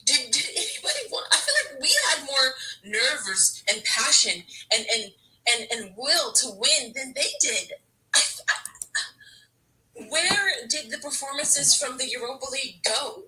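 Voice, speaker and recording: Woman fan venting to camera, sharp bright voice, kinda far from the mic, keeps restarting sentences. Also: sits high, lively intonation, measured pace. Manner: frustrated, exasperated, stammering restarts. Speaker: football fan vlogger. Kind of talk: emotional fan rant to camera.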